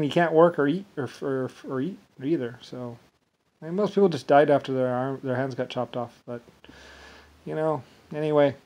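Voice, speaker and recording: A man talking alone in a rambling monologue, meandering, with frequent restarts and trailing asides. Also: medium pitch.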